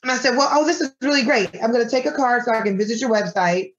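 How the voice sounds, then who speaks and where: Animated woman telling a story, muffled sound. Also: on the high side, quick pace. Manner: animated, acts out quoted dialogue with her voice. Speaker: guest, granola business owner. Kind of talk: casual storytelling in an interview.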